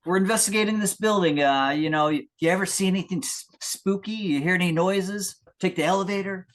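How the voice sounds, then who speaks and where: A man playing a tabletop game, firing loud quick questions in character. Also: high-pitched. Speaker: player.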